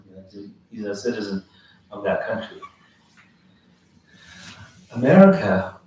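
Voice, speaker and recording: A man giving an informal religious lecture, telling a story with animated acted-out voices and chuckles. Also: fairly low pitch. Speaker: Islamic teacher. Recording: very echoey room, distant mic, faint noise.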